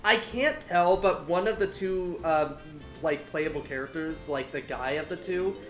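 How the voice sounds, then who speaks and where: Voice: medium pitch, unhurried, fairly bright tone, faint music behind. An enthusiastic, opinionated speaker in casual group game commentary. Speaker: let's play commentator. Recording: roomy echo.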